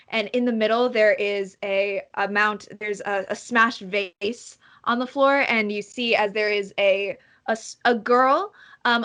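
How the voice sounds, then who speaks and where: A woman narrating a tabletop game as game master. She describes scenes at length and pauses often with fillers. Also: mid-range voice, a bit bright.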